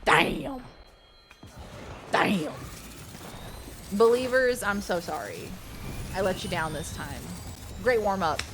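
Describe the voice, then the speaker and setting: A woman streaming a video game, chatting casually and rambling with animated, excitable outbursts. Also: mid-range voice, moderate pace, background noise. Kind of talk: casual gaming stream chat.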